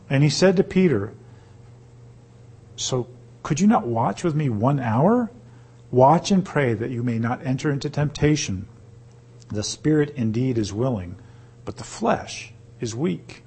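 A man reading scripture aloud and teaching on it, pausing to ask his listeners rhetorical questions. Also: medium pitch, a little mellow, slightly rough. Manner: reads slowly, then explains with rhetorical questions. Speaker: Bible teacher.

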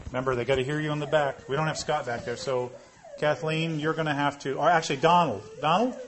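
A man delivers a sermon in a church hall, his voice sitting a little higher than most men's. He talks to the congregation casually, reads verses aloud and calls people by name. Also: steady tone, quick pace, noisy background. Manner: conversational, calls on listeners by name. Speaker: pastor. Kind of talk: sermon with scripture reading.

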